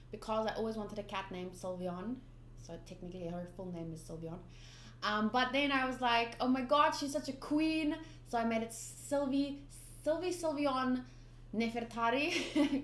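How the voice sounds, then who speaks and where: A young woman rambling casually at home, full of ums and little laughs, reading through a comic for her channel. Her voice is a touch high, and the room gives it a clear echo. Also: lively intonation, normal speed, a little hiss or hum. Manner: rambling, lots of ums, giggly asides. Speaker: manga reader and channel host. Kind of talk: casual chatty readthrough. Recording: roomy echo.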